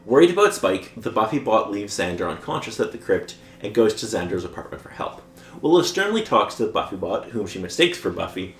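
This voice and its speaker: A man's voice: fairly low pitch, sing-song, a little fast. Chuckling man recapping plots, roomy echo. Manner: chuckles often while recapping. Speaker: podcast co-host recapping episodes. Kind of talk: casual chat, recapping a plot.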